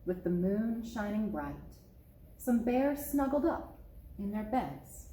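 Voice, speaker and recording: Slow expressive woman reading a picture book. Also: mid-range voice, a little hiss or hum. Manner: expressive, storytelling. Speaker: children's librarian. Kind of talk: children's read-aloud. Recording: echoey room.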